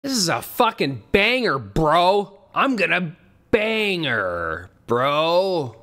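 Animated joking man with a bright voice. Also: on the high side, slow. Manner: joking, profane, goofy asides. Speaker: music reaction channel host. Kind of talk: casual reaction commentary.

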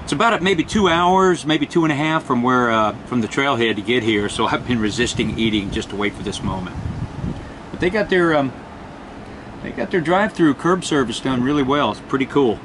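A man's voice: mid-range voice, brisk. A middle-aged man talks casually into a handheld camera. He is enthusiastic and keeps exclaiming over his food. Faint outdoor noise runs underneath. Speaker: outdoor vlogger. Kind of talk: casual vlog narration.

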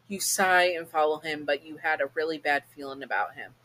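Woman reading a fan story to you, chatty and casual, kinda low voice. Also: steady tone, a little fast, few pauses, fairly bright tone, rough recording. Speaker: storyteller, channel host. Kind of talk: second-person storytelling.

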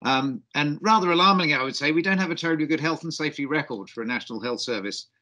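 A man's voice: on the high side, fast talker, sharp tone, muffled recording. A middle-aged man with a faint Australian twang, giving a cheeky, jokey conference keynote as a doctor over a video call. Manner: cheeky, jokey, self-deprecating.

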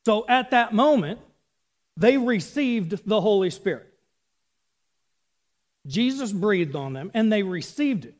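A man's voice: high-pitched, animated, slow pace, pauses often. A man in his thirties giving a casual, chatty sermon with asides. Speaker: preacher.

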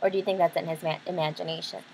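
A woman's voice: fairly low pitch, steady tone, racing, gravelly, background noise. A woman reading a picture book aloud, chatty, stopping to explain the story in her own words. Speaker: reader.

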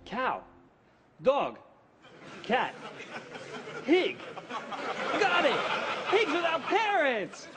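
An actor playing a pompous, bumbling police detective in a sitcom for English learners, speaking slowly and theatrically. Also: male voice, on the high side, sing-song, loud music behind the voice, a loud crowd. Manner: slow, theatrical, self-important.

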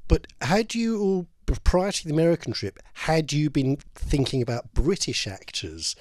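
Lively hesitant male interviewer. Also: a little high, moderate pace, no room sound. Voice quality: hesitant, with stammered restarts. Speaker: producer hosting a Q&A. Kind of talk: interviewer questions.

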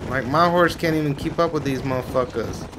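A man's voice: medium pitch, brisk, noisy background. A man doing gameplay commentary, swearing and exclaiming at the game out of frustration. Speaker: gamer.

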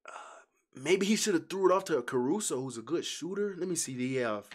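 A man hosting a casual basketball reaction video, excitable and slangy, blurting out swears and talking straight to his viewers. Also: on the high side, brisk.

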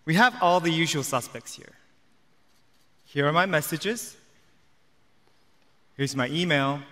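Product demo, man, slow and bright-toned, step-by-step, echoey hall. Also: fairly high pitch. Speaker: product demonstrator. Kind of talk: live onstage product demo. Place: large auditorium stage. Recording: echoey auditorium with long reverb.

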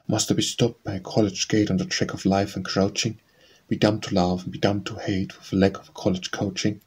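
A man reads poetry aloud for an audiobook with a low, slightly husky voice. He keeps his delivery even and unvaried, moving through the verses at a steady, measured pace. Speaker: audiobook reader. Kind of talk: poetry recitation.

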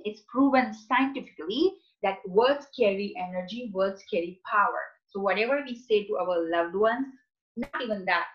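An earnest woman coach explains laughter exercises in a friendly, conversational presentation. Her voice sits in a middle register. The audio is a little muffled and lo-fi. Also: medium pitch. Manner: earnest and explanatory, with frequent lively quoted examples. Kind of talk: informal wellness presentation.

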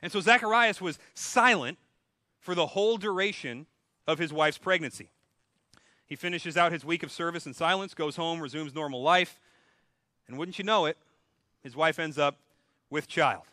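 A man's voice: on the high side, moderate pace, pauses often, bright, forceful tone, dry recording. A man preaching a sermon as pastor, retelling scripture in a casual, humorous storytelling way. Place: church.

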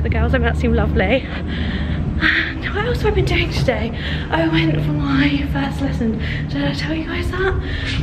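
A young woman with a slightly high voice rambles excitedly to a handheld camera, peppering her talk with "like" and "literally". Her audio is noisy, with steady ambient sound behind her, as she moves between outdoors and cramped student rooms. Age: young adult. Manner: chatty, excitable, full of "like" and "literally". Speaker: vlogger. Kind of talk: casual vlog chat to camera.

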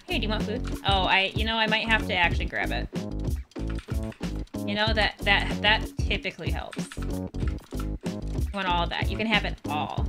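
A young woman playing a video game and commenting on it, chatty and animated, jumping between high squeals and low mutters and cooing at the creatures on screen. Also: moderate pace, over loud music. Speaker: gaming streamer. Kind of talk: let's play commentary.

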